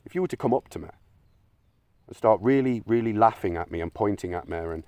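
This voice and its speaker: A man's voice: lowish voice, lively intonation, brisk, warm tone, no echo. A man ranting in a blunt, sweary, argumentative monologue, now and then mocking imagined critics in silly voices. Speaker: video essayist. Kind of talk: opinionated monologue.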